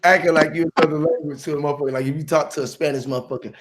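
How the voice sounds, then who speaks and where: A man's voice: on the high side, fairly even intonation, rapid-fire, noisy background. A man hosting a casual chat, joking around and laughing often, slipping into playful mock voices. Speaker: host.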